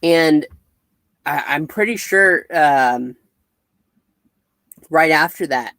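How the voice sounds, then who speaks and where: Male co-host, measured plot recap, slightly high voice, dry. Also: vocal fry, pushed and bright, no room sound. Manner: measured, correcting details. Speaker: comic review co-host. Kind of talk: casual chat, recapping a plot.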